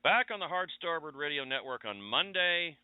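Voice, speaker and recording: A man's voice: fairly high pitch, expressive, moderate pace, clear, resonant tone, no room sound. A radio show host chatting casually and telling rambling stories about his week. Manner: rambling, conversational storytelling. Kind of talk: casual chat monologue. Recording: tinny phone-line audio.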